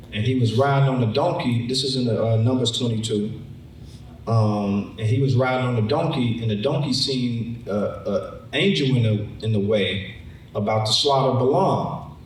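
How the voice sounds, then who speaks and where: A man's voice: mid-range voice, slight background noise. A man preaching a Bible lesson in a conversational way, often repeating words and acting out the story. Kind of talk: sermon, Bible teaching. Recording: echoey room, mic far off.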